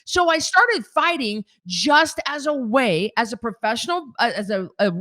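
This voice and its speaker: A woman from northern Idaho, a guest telling her story in an interview with animated, emphatic delivery. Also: a little high, no echo, studio quality. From northern Idaho, USA.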